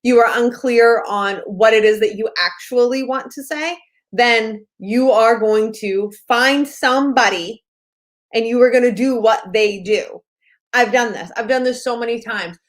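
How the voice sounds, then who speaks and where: A woman's voice: a little high, unhurried. A woman business coach talking straight to her audience in a casual, blunt way, swearing often and repeating points for emphasis. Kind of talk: casual talk to camera.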